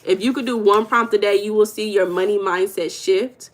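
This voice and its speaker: Talking straight to her audience as "y'all," a Southern US woman runs a relaxed livestream and reads viewer comments out loud in a chatty, direct way. She speaks at normal speed with a mid-range voice and fairly even intonation.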